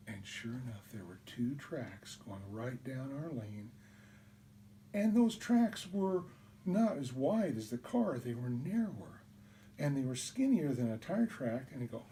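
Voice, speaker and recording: Guy telling a childhood christmas-type story, pitch all over the place, mellow tone, mic far off. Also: measured pace. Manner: animated, with voiced quotes. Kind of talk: told personal story. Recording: distant mic with faint hiss.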